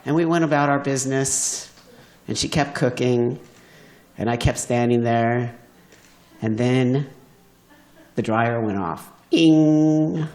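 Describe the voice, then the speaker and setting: A man telling a personal story live to an audience, animated and laughing often as he acts out what people said. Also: medium pitch, measured pace, long pauses, roomy sound. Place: event venue.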